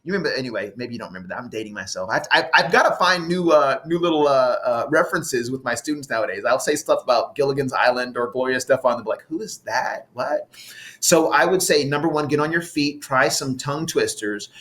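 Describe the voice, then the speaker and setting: A middle-aged man giving an animated conference talk, leading his listeners in vocal exercises. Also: mid-range voice, fast talker, few pauses. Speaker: conference speaker and facilitator. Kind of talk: conference talk with audience participation.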